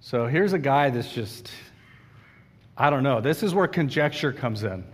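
A man's voice: mid-range voice, lively intonation, a little slow, long reverb tail. A man preaching a sermon in a conversational way, asking his listeners questions and acting out the quotes he reads.

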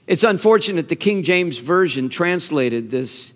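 A man's voice: on the high side, takes it slowly, pauses often. A man preaching a sermon, telling the story with feeling and acting out the quoted lines. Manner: animated storytelling, acts out quotes, laughs. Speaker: pastor. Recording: long reverb of a large hall.

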